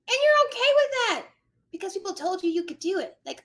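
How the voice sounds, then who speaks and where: A woman's voice: very high voice, sing-song, a little fast, a bit bright. A woman in her thirties hosting a live stream, giving emphatic motivational advice straight to her viewers in a casual way. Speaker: live-stream host and notary coach.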